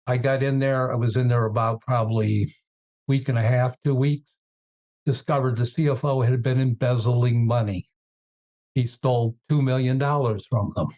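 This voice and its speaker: Measured businessman, muffled audio. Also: mid-range voice, steady tone, warm tone. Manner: measured, hesitant with fillers. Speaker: guest, turnaround CEO. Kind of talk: interview storytelling.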